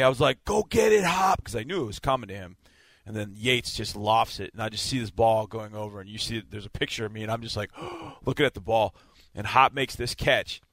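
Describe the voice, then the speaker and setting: A man, a sideline reporter, telling a game story in a casual, animated way on a sports podcast. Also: mid-range voice, no room sound. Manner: animated, vivid play-by-play retelling.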